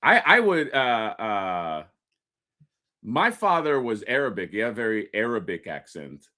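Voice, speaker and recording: A man co-hosting a toy-collector podcast, talking in a halting, rambling way with many fillers. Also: on the low side, big pitch swings, sharp tone. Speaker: podcast co-host. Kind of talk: casual chat.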